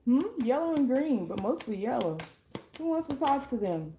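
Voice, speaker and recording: Hoarse chatty woman reading tarot. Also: sits high, big pitch swings, moderate pace, warm tone, slight background noise. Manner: chatty, blunt, swears casually. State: hoarse, losing her voice. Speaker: tarot reader and life coach.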